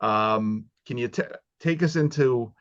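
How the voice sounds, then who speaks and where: A man's voice: mid-range voice, a little slow, no echo, dull audio. A man hosting an interview who sums things up loosely, with restarts. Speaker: podcast host.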